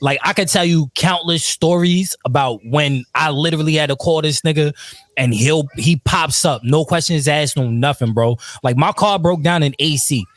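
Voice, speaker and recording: A podcast guest with a fairly high, slightly bright voice tells rowdy, profane stories in casual chat at normal speed. He laughs often and acts out his friends' lines in retold dialogue, with no echo.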